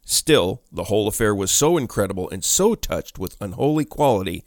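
A man narrating a classic ghost story audiobook in a measured, expressive way. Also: fairly low pitch, no room sound, clean studio sound.

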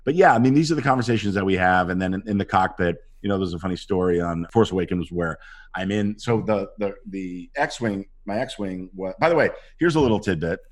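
A middle-aged man, an actor guest in a casual interview, telling animated stories and acting out quotes from a film set. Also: deep voice, brisk. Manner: animated anecdotes with acted-out quotes.

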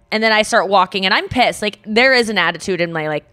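Animated woman telling a story. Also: mid-range voice, fast talker, hardly any pauses. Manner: animated, swears freely, acts out quotes. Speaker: podcast co-host. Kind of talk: casual storytelling chat.

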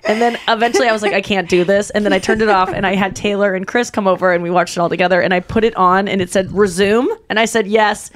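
A woman's voice: mid-range voice, quick pace, few pauses, a little hiss or hum. Woman cohosting a podcast, casual chat, acts out her reactions, thirties. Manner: animated storyteller, acts out reactions. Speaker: podcast co-host.

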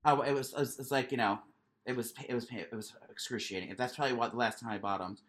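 Fast-talking, stuttering young man. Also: medium pitch, steady tone, fairly bright tone. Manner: stuttering, rambling, many restarts. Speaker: podcast co-host. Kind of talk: casual storytelling chat.

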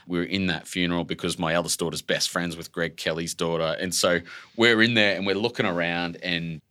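A man in his forties with an Australian accent, a guest telling stories in an animated way, full of "like" and casual swearing. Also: sits low, fairly quick. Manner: expressive, fills speech with "like", swears casually. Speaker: author guest. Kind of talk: animated conversational storytelling.

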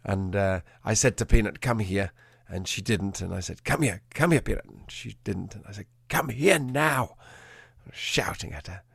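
A man, a dog trainer, telling a story in an animated way and acting out the quotes in a changing voice. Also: low voice, brisk, creaky, few pauses, slightly rough, dry recording, studio quality. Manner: animated, acts out quotes in a shifting voice. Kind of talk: conversational storytelling.

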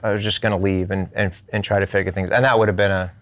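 A man with a somewhat low voice tells a personal story as an interview guest. He talks animatedly and keeps slipping into quoted dialogue, giving each speaker in the story a different tone. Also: flat delivery, fast talker. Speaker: podcast guest.

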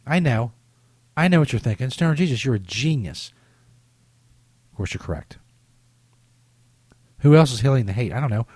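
Male solo podcast host, brash and profane, mid-pitch, close dry mic, music under. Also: very animated, normal speed, pauses often, darkish tone, breathy edge, dry recording. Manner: cocky, profane, boastful bits. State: coming down with a cold. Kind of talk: comedic solo podcast rant.

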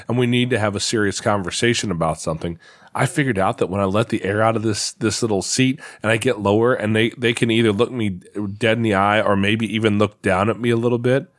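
A man's voice: lowish voice, no echo, clean studio sound. A man in his thirties talking casually from his home office, reflective and full of restarts. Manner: reflective, storytelling, many restarts. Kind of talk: casual conversation.

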